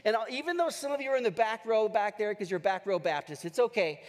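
A man preaching a sermon as pastor, energetic and rousing his congregation. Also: high voice, fast talker. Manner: energetic, leads the congregation in call-and-response cheers. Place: large church hall. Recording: long church hall reverb.

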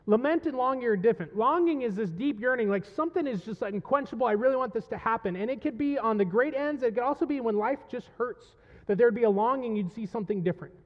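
High-voiced man preaching a passionate sermon. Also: expressive, quick pace, in a large hall, lo-fi sound. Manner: impassioned, rising to loud pleading when voicing the psalm. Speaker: pastor. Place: church sanctuary.

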